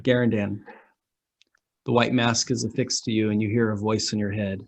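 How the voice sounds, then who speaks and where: A man running a tabletop game as game master, narrating calmly and making quick rules calls. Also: fairly low pitch, gravelly. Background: background music.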